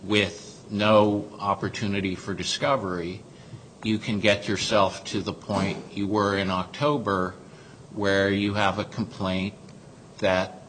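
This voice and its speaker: A man's voice: on the low side, flat delivery, slow, a bit bright, slight background noise, poor audio. A man serving as an appellate judge, pressing counsel with pointed, probing questions. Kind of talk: courtroom questioning.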